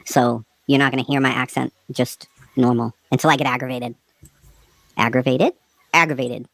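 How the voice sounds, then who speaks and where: Boston-accented woman, low and dry, profane angry rant on a live panel. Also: flat delivery, creaky, no room sound, low-quality recording. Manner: angry, profane, rapid rants. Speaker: livestream panelist. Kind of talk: heated livestream panel talk.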